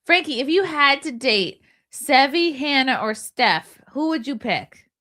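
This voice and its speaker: A woman hosting a podcast in casual panel chat, bubbly and teasing, quick to laugh. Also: sits high, animated, bright, forceful tone. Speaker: podcast host.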